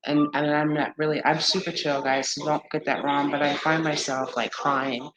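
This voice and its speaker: A woman's voice: little pitch movement, normal speed, rough recording. Blunt, candid woman livestreaming over crowd noise. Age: 40s to 50s. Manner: candid, blunt and swearing, talking straight to viewers; acts out quoted friends in high exaggerated voices. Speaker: livestream host. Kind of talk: casual livestream chat.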